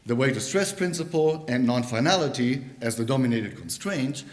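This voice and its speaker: A man's voice: medium pitch, expressive. Guy presenting at a linguistics workshop, lots of uhs and restarts, lecture room. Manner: halting, with many fillers and restarts. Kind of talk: academic conference talk.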